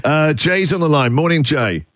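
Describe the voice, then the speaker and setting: A middle-aged man hosting a radio show, telling a story in a chatty, animated way with laughs. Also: on the high side, moderate pace, dry recording, studio quality. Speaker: radio host. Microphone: studio microphone.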